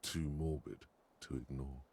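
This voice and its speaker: A gravelly, grim game narrator. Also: male voice, unhurried, a little mellow, no room sound, full character voice. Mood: sardonic. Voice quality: deep, gravelly. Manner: dry, sardonic description. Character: male inner-voice narrator of a detective game, grim and wry.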